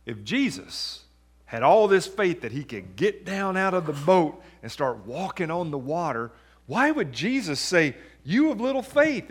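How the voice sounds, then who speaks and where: A man with a slightly high voice preaches a sermon. He reads scripture aloud and talks it through in a conversational way, often asking the congregation questions. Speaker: pastor.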